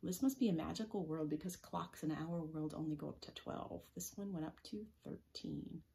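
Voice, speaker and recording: A woman librarian leading a preschool story time, reading aloud slowly in a sing-song way and often dropping to a soft whisper. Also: deep voice, vocal fry, a little hiss or hum. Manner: leads rhymes and chants with children. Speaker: children's librarian. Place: public library.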